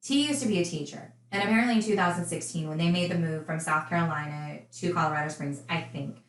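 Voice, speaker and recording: A woman's voice: on the low side, fast talker, roomy sound, low-quality recording. A woman casually recounting a true crime case, chatty and indignant in her asides.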